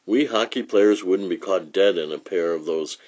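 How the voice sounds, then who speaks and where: A man's voice: sits low, moderate pace, a little mellow, muffled recording. A man voicing a serious young boy from a comic strip, in a matter-of-fact way. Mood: dry.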